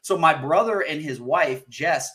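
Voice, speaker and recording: Male podcast co-host, conversational, voices the people in his stories, slightly higher pitch. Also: lively intonation, unhurried, bright, forceful tone. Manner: chatty, acts out people's lines as he tells a story. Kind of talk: casual chat.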